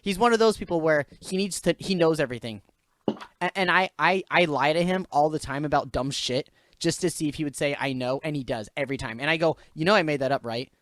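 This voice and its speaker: A young man hosting a podcast, telling a story from his job in casual, animated chat, swearing often and laughing as he vents. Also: a little high, fast talker, dry recording. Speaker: podcast host.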